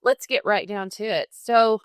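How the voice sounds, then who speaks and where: A woman's voice: mid-range voice, a little slow, smooth, no echo, clean studio sound. A young woman with a Southern accent, casually telling a folklore story on a podcast and laughing often. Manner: chatty, laughs often, enthusiastic about folklore. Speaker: guest co-host.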